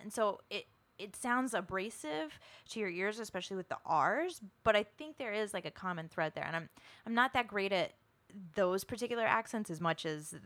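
A woman's voice: mid-range voice, a bit bright. A woman co-hosting a podcast in casual chat, talking emphatically and swearing now and then. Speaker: podcast co-host.

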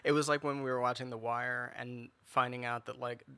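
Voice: medium pitch, level tone, fairly quick, pushed and bright, clear, resonant tone, dry recording. A podcast co-host in casual chat, talking thoughtfully and hedging a lot.

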